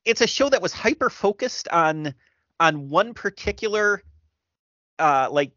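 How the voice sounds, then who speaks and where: A middle-aged man chatting casually, reflective and halting with many restarts. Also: sits high, expressive, sharp tone, no room sound. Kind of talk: casual chat. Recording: dry dull lo-fi sound.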